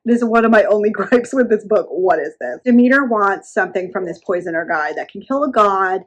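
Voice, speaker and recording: A woman's voice: medium pitch, animated, a little fast. A woman giving a casual, indignant rant review of a book, peppering her talk with "like" and laughing often. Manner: chatty, lots of filler "like", laughs often; indignant about the story.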